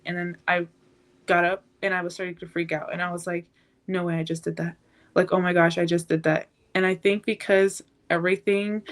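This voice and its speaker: An eighteen-year-old woman, a podcast guest, telling a painful personal story in a halting, emotional way. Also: fairly low pitch.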